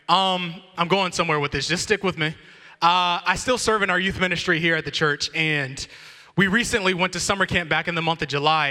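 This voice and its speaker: A young man, a youth pastor, preaching a sermon with casual slang and jokey, animated storytelling. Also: sits high. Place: church hall. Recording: long reverb of a church hall.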